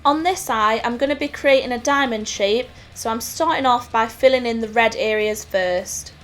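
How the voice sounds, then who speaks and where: A woman with a Nottingham accent explaining makeup steps in a clear, scripted tutorial voice-over. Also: a little high, normal speed. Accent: English Midlands (Nottingham). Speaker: makeup artist host. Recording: voice-over with faint music.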